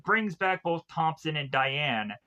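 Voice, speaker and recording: A man's voice: takes it slowly, smooth, lo-fi sound. A man casually retelling a film's plot as a reviewer, rambling with lots of fillers and restarts. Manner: mock-acts characters' lines with lively pitch jumps. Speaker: movie reviewer.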